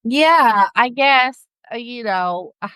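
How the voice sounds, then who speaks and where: A woman's voice: a little high, animated, slow pace, pushed and bright, smooth, dry recording. A middle-aged woman speaking English with a non-native accent, chatting as a podcast guest and laughing often as she searches for words. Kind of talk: casual interview chat.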